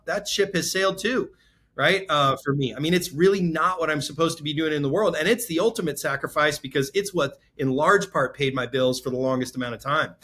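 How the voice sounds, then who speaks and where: A man's voice: a little high, fairly bright tone. A man in his forties, a real estate entrepreneur, talking candidly and emotionally in a podcast interview, rambling with many restarts. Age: 40s.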